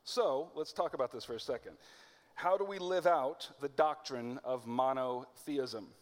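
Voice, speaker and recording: A man from America preaching a sermon in a conversational way, slowing down to stress key phrases. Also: medium pitch. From United States. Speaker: pastor. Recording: long hall reverb.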